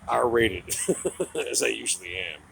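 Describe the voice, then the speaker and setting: A man's voice: on the low side, slow pace, gravelly, a bit bright, slight background noise, low-quality recording. A middle-aged man giving a heated, profane political rant, mocking and angry. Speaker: political commentator.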